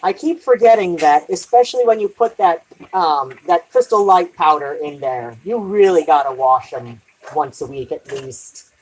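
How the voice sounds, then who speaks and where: A woman's voice: deep voice, expressive, moderate pace, a little mellow, low-quality recording. A woman chatting casually on a live stream while doing dishes at home, rambling, trailing off and swearing lightly.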